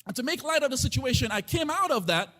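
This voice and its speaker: A man preaching a live church sermon as pastor. He delivers it with passion in a sing-song chanting cadence, swinging between shouting and hushed tones. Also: very high-pitched, big pitch swings, fast talker. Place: church sanctuary.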